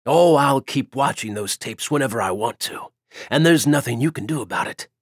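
A man's voice: mid-range voice, animated, normal speed, husky, no room sound, studio quality, voice pushed up. A man voicing a hot-tempered, menacing male vampire boss with a threatening manner. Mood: gloating.

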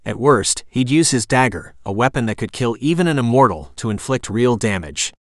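Steady male audiobook narrator, dry read. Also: medium pitch, normal speed, dry recording. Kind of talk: scripted narration.

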